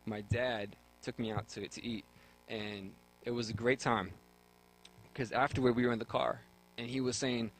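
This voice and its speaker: A man's voice: lowish voice, steady tone, normal speed, a little hiss or hum, low-quality recording. Young male guest, earnest testimony, talk-radio delivery, restarts phrases. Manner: earnest, repeats words when starting a thought. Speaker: guest sharing his testimony.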